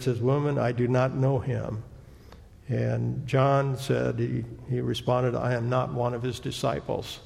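Guy preaching, gravelly voice, slow and halting, big echoey church. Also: mid-range voice, a little mellow. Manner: halting, reflective delivery. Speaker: pastor. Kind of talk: sermon. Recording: long church-hall reverb.

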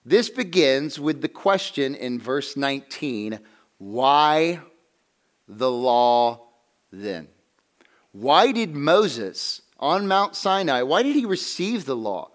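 A man teaching a Bible lesson to a class in a conversational way, asking questions and slowing down to stress key phrases. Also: a little high, very animated.

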